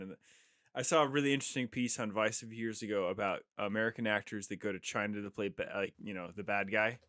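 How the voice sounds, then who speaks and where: A man's voice: fairly low pitch, steady tone, fast, a bit bright, dry recording, clean studio sound. A man co-hosting a podcast, telling stories in a rambling, casual way. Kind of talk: casual chat.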